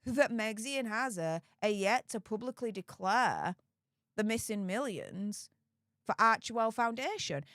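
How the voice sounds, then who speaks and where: A woman's voice: fairly high pitch, expressive, unhurried, fairly bright tone, dry recording. Chatty woman hosting a gossip channel, talks straight to viewers, dry close mic. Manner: chatty, conversational, addresses viewers as guys. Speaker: YouTube royal gossip commentator. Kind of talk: casual commentary vlog.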